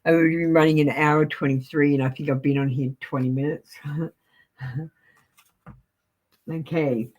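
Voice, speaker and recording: A woman's voice: low-pitched, fairly even intonation, moderate pace, pauses often, darkish tone. A woman with an Australian accent giving a live tarot card reading, chatting to viewers and reading card meanings aloud from a book. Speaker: tarot reader.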